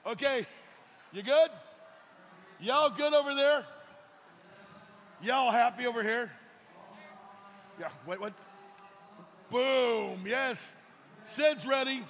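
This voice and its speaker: A man with a Baltimore accent emceeing a robotics event, hyping the crowd with shouted, folksy calls over a microphone in a large arena. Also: very high-pitched, slow, long pauses. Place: large indoor competition arena. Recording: echoey arena with long reverb and crowd. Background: crowd and arena noise.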